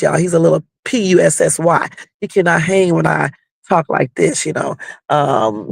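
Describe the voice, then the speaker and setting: A woman hosts her own livestream on a home setup with no room sound, her voice fairly low, dark-ish and marked by vocal fry. She speaks straight to her viewers, sounding off bluntly and confrontationally.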